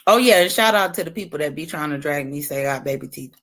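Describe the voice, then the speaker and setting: A woman livestreamer trash-talks in a bright, forceful voice. Her pitch swings widely as she taunts and curses, chewing a lemon between lines. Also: fast. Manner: brash, profane, taunting; animated, talks while eating a lemon. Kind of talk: casual livestream trash talk.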